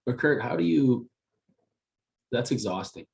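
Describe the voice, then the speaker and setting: A man's voice: medium pitch, expressive, measured pace, creaky, darkish tone. A man co-hosting a podcast, joking and enthusiastic as he asks questions. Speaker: podcast co-host. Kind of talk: casual podcast conversation.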